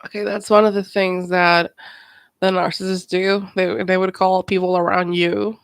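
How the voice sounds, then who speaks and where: A woman's voice: on the low side, flat delivery, normal speed, creaky, no echo. Emphatic woman giving reaction commentary. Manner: emphatic, swearing, repeats words. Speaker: host.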